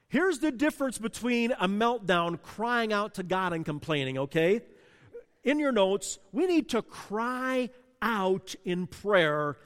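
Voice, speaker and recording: A man with a notably high voice preaches from the pulpit. He talks with passion, sinking low and quiet before surging loud. His words ring out with a long church-hall reverb. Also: expressive, slow pace. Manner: passionate, swings from hushed to loud. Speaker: pastor. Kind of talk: sermon.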